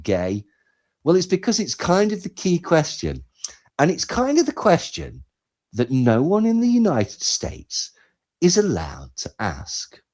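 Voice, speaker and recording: A man co-hosting a podcast, talking in animated, sarcastic commentary that swings between loud and quiet. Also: mid-range voice. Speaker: podcast co-host. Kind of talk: casual commentary chat.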